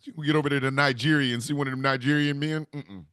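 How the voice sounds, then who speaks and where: Male comic, profane rambling rant, mid pitch, dry close sound. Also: quick pace, clean tone, dry recording. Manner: rambling, profane, animated storytelling. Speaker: comedian.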